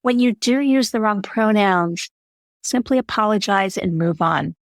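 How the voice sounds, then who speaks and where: Woman, podcast guest, mid-pitched, earnest and emphatic, dry close sound. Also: unhurried, no room sound. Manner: earnest, emphatic advice-giving. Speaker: podcast guest, allyship speaker. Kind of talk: conversational interview answer.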